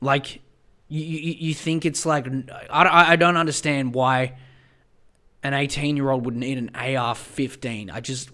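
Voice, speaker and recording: A man's voice: medium pitch, fairly even intonation, unhurried, sharp tone. A young Australian man hosting a podcast, ranting in a casual, profane and exasperated way, often repeating himself. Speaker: podcast host.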